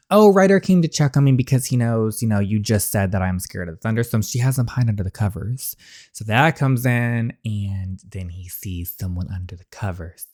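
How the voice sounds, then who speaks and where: Animated man reacting to a story game. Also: mid-range voice. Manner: animated, sarcastic commentary. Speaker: gaming channel host.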